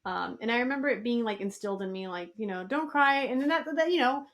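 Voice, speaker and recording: A woman's voice: on the high side, animated, fast. A middle-aged woman co-hosting a podcast in casual chat, candid and swearing freely. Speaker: podcast co-host.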